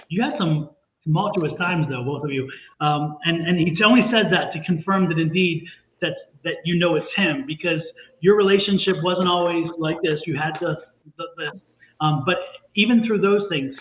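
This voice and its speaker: A man's voice: fairly high pitch, moderate pace. A man giving a live psychic reading, earnest and reassuring, repeating himself often. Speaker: tarot and psychic reader. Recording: echoey, phone-like line with faint noise.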